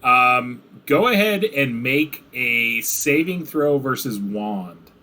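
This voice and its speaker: A young man runs a tabletop game in a loose, chatty way, padding every description with filler words. His voice has a bright, forward tone at an ordinary pitch. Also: lively intonation, slow. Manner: rambling, filler-heavy descriptions. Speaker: game master. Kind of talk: running a tabletop game, casual.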